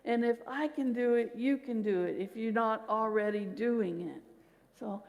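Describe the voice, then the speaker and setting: A woman's voice: fairly high pitch, measured pace, vocal fry, long reverb tail. A woman minister giving a sermon, telling personal stories and talking directly to her congregation. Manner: warm storytelling with audience asides. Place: church sanctuary.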